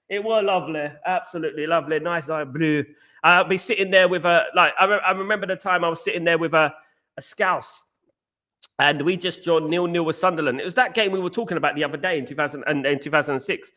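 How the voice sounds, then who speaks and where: Guy hosting a footy watchalong, kinda high bright voice, rambles and repeats stuff, shouting out chat. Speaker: watchalong host. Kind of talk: live football watchalong chat.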